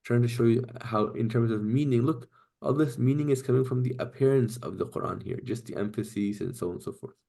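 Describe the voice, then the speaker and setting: A man's voice: mid-range voice, a little fast, vocal fry, mellow. A man teaching an online class, explaining step by step and often checking in with "right?" and "okay?". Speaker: Quranic Arabic teacher.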